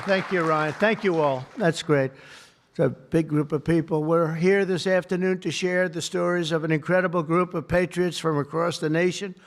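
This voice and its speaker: A man giving an off-the-cuff public speech to a live audience, rambling and repetitive, with many superlatives and asides. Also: on the high side. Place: event hall with a live audience.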